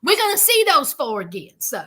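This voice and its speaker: A woman's voice: high voice, huge pitch swings, normal speed, pushed and bright. A woman hosting a casual reality TV recap, sassy and emphatic, talking straight to her viewers.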